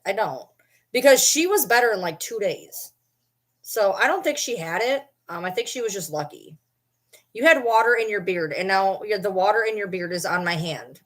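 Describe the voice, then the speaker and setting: Blunt, animated woman vlogger. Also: medium pitch. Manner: blunt, profane, animated storytelling. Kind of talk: casual chat.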